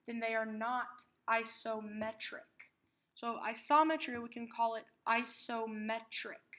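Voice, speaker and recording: A woman teaching a math lesson, patiently explaining terms and repeating key words slowly. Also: on the high side, pushed and bright.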